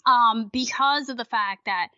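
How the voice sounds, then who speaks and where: A woman with a high, bright voice rants animatedly and swears freely in casual podcast chat. Her voice sits high above most women's. The recording is dry and dull, with a lo-fi sound. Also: measured pace, no room sound. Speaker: podcast guest.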